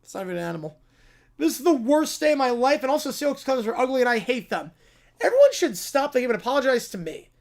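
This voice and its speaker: A man voicing a sulking, whining Canadian brat in a comic skit, loud and drawn out. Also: very high-pitched, sing-song, fast, gravelly, exaggerated voice. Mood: whiny. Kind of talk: reading a viewer prompt as a skit.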